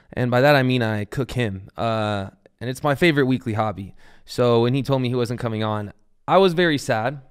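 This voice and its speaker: A young podcast host rambles loosely through casual fantasy football talk, animated and swearing casually. His smooth, clear voice swings between energetic bursts and low asides.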